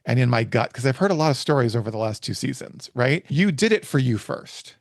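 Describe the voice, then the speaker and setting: A man hosting a podcast speaks with heartfelt conviction, his voice carrying a gravelly rasp. He sounds moved as he talks. The recording is dry and close, with no room sound. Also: mid-range voice, animated, a little fast, no room sound. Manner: earnest, heartfelt, gets emotional. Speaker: podcast host. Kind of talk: emotional interview conversation.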